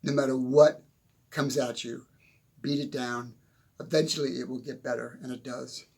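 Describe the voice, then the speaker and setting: An older man with a gravelly, husky voice gives a loose motivational talk from a stuffy little room at home. He rambles, chuckles at himself and drifts into asides while sweating through it. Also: mid-range voice, steady tone, normal speed, a little mellow. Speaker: motivational speaker. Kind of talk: casual motivational monologue. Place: small home room, windows shut.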